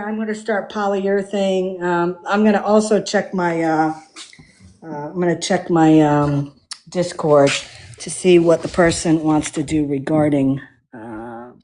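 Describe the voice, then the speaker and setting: Hesitant woman with a low-ish voice. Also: a little mellow, a little hiss or hum. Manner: hesitant, many fillers, playful and laughing. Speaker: livestream host refinishing furniture. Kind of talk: casual livestream chat.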